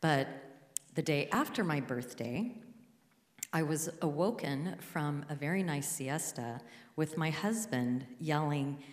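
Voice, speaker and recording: Slow-paced woman storyteller in an echoey hall. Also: expressive. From Alaska. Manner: dramatic, quotes husband in a high panicked voice. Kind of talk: live storytelling. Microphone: handheld mic.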